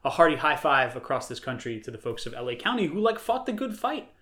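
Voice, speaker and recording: A man's voice: on the high side, sing-song, quick pace, a bit bright. A man from upstate New York co-hosting a podcast in casual, emphatic conversation, with many fillers. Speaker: podcast co-host.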